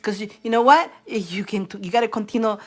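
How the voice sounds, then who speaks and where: A woman's voice: medium pitch, brisk. A woman on a livestream giving tarot readings, chatting casually and often breaking into fits of laughter. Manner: chatty, rambling with restarts.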